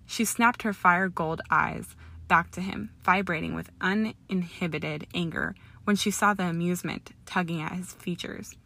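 A woman narrating fiction as an audiobook in a soft, even storytelling manner. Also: on the low side, creaky, dry recording. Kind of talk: audiobook reading of fan fiction.

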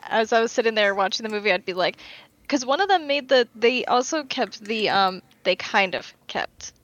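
A woman co-hosting a casual podcast, telling stories in an animated, chatty way with some casual swearing. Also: fairly high pitch, moderate pace, highs cut off. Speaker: podcast co-host.

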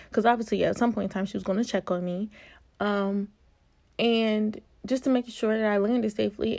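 Young woman, casual vlog storytime, animated and expressive, dry close recording. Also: mid-range voice, vocal fry, dry recording. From Virginia, US. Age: early 20s. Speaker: vlogger.

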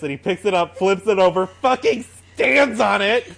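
A man's voice: high voice, expressive, moderate pace, gravelly, fairly bright tone. A man co-hosting a podcast, sarcastic and exasperated as he picks apart a movie in casual chat, swearing as he goes. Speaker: podcast co-host.

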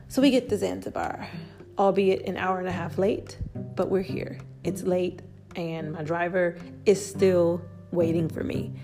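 Chatty woman with a gravelly voice. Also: on the low side, normal speed, music in the background. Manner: lively, chatty, acts out quoted voices. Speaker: travel vlogger. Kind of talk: casual storytelling monologue.

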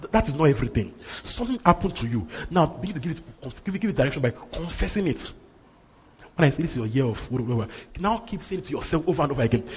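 A man's voice: mid-range voice, husky. A man preaching a sermon, emphatic and repeating his phrases for effect. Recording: reverberant hall.

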